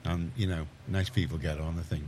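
A deep-voiced middle-aged man with a Liverpool accent chats on a community radio show. He rambles and restarts his sentences, then gets emphatic on points he cares about. A light background hiss sits under the studio sound. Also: steady tone, a little fast, darkish tone. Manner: rambling, self-correcting, gets heated and emphatic. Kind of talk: casual radio chat.

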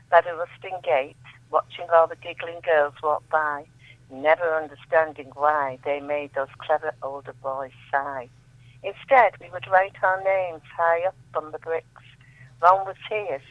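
Brief: female guest poet calling in, solemn measured recitation, tinny phone-line sound. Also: lowish voice, dry recording. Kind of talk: reading her own poetry aloud. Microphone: telephone.

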